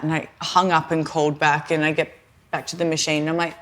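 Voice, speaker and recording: Aussie woman rambling through a story on a podcast, kinda low voice, says like a lot. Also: little pitch movement, quick pace, fairly bright tone. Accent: Australian. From Australia. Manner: chatty storytelling with lots of "like". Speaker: podcast co-host. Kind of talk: casual chat.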